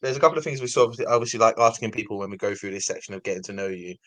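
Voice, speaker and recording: Host, quick pace, lowish voice, rambles friendly questions. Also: male voice, a bit bright. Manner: rambling, friendly, many fillers. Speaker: podcast host. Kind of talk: casual podcast interview.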